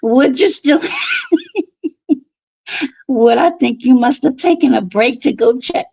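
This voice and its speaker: A woman's voice: on the high side, unhurried, vocal fry, dark tone, no echo, rough recording. A woman hosting a casual livestream, laughing often as she reads viewer comments aloud. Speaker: livestream host.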